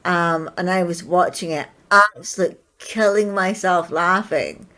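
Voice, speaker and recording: A woman's voice: lowish voice, unhurried, sharp tone. A woman hosting a podcast, chatting casually and swearing freely with effusive praise. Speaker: podcast host. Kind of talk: casual chat.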